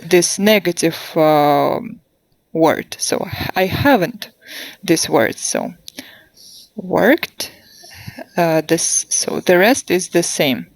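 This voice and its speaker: A woman gives a demo grammar lesson, speaking at a very unhurried pace and drawing out each model sentence for her students to repeat. Her voice sits a little low and is recorded dry and close, with no room sound. She checks answers with short, encouraging prompts. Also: a little mellow, no echo. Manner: slow, deliberate modelling of sentences for repetition. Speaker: English teacher. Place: online class.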